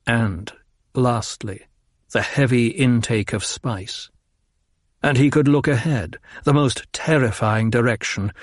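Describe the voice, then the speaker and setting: A man reading a novel aloud as an audiobook narrator in a measured, calm delivery. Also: mid-range voice, no echo, clean studio sound. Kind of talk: scripted narration.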